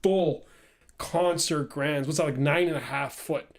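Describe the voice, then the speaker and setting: A middle-aged man, a guest pianist, telling stories in a casual interview, animated and laughing, often repeating his words. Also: on the high side, a little slow.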